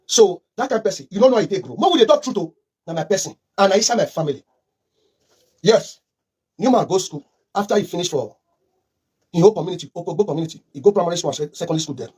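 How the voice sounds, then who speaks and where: A Nigerian man drifts into Pidgin while delivering heated political commentary, rushing through his points and hammering them home with fervent repetition. His voice is high and husky, a little mellow, with lively intonation.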